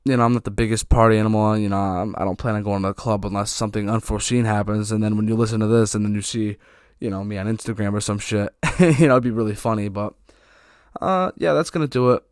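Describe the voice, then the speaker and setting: A man's voice: on the low side, fairly even intonation, fast talker, smooth, dry recording. Young man with a dry throat, rambling. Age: young adult. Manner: loose, rambling, with frequent fillers and swearing. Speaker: podcast host. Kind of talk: casual solo podcast talk.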